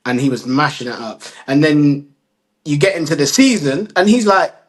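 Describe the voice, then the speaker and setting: A man's voice: fairly high pitch, lively intonation, moderate pace. A man co-hosting a casual podcast, rambling through his points with restarts and casual slang. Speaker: podcast co-host. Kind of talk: casual chat.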